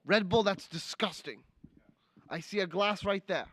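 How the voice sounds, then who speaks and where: A man's voice: high voice, a little slow, a bit bright, no echo. A young man doing a ranting Brooklyn senator. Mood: fussy. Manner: ranting, finger-wagging, repeats outrage lines. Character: older male senator, indignant, lecturing, Brooklyn-born. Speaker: student livestream presenter. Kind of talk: comic political impression.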